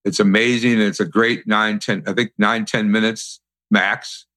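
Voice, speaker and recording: A man's voice: lowish voice, steady tone, a little slow, a bit bright. A man hosting a podcast, chatting casually with his guests and thanking them. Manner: friendly, chatty, with fillers. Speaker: podcast host. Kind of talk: casual interview chat.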